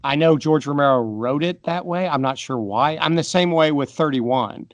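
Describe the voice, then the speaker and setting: A man's voice: a little high, moderate pace, no room sound. A middle-aged man co-hosting a podcast, giving firm opinions on a film and backing them with examples. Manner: opinionated, makes points with examples. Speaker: podcast co-host. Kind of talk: casual movie discussion.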